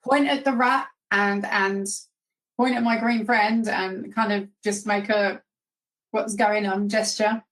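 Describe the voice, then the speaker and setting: A woman taking her turn in a fantasy tabletop game, talking slowly and hesitantly, with frequent pauses and fillers. Her speech stays unhurried throughout. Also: medium pitch, fairly even intonation, low-quality recording. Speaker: player. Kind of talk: tabletop role-play.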